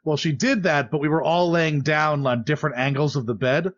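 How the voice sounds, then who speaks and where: A man's voice: a little high, steady tone, a little fast, lo-fi sound. A man co-hosting a podcast, telling a story in a rambling, hesitant way. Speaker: podcast co-host. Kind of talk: casual podcast chat.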